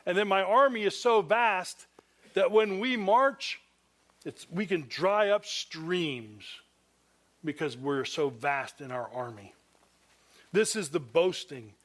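A man with a high voice preaching a conversational sermon. He is earnest and slips into quoted voices to act out the passage. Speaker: pastor.

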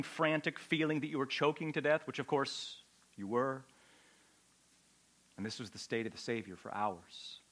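A man preaching a sermon with a dramatic delivery, swinging from loud outbursts to a hushed, low voice. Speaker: pastor.

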